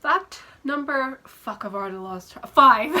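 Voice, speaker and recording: Bubbly young Scottish woman, bright voice. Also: sits high, animated, slow. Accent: southwest Scottish, softened. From Scotland. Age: 20s. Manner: bubbly, rambling and self-mocking, laughs often. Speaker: book vlogger. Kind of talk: casual chat to camera.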